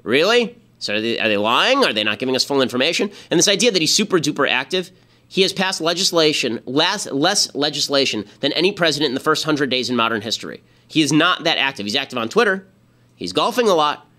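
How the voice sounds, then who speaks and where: A man in his thirties delivers a rapid-fire political monologue, his voice bright, tense and pitched a little high for a man. He piles on sarcastic rhetorical questions with exasperated energy, hosting his own commentary show. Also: big pitch swings.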